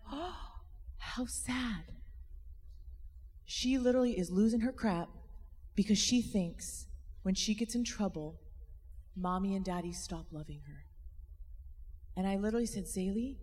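A woman in her thirties giving a lively faith talk to a live audience. She often calls on the crowd for a response. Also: mid-range voice. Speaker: speaker. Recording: long hall reverb.

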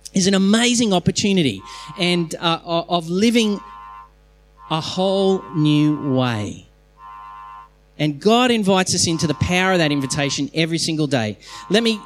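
A pastor preaching a sermon to his congregation, emphatic, with quick bursts of speech and slow stressed phrases, sometimes restarting mid-sentence. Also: sits high. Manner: restarts and trips over phrases mid-thought. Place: church hall, in front of a congregation.

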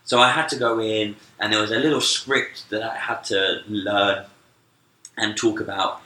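A British man co-hosting a podcast, telling an animated, self-mocking story in casual chat. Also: on the low side, moderate pace, echoey room, poor audio. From Britain. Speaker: podcast co-host.

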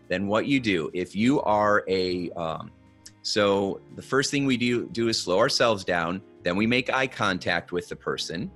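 A man's voice: low-pitched, fairly bright tone. A man giving practical advice in a conversational podcast, coaching the listener and checking in with "okay?" and "right?" as he goes. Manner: coaching, instructive, asks "okay?" and "right?" often. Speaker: guest expert on body language.

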